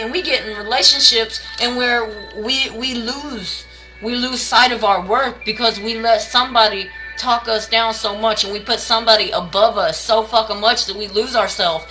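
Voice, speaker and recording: A woman with a high-leaning, sharp-toned voice reads tarot live from her home late at night, captured in low quality. She greets chat members by name, calls everyone baby and y'all, and rants with blunt, heavy swearing.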